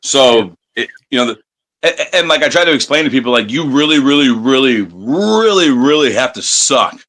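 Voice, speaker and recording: A man from the United States, a professional wrestler, telling profane, animated stories in a casual interview and acting out crowd chants. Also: mid-range voice, moderate pace.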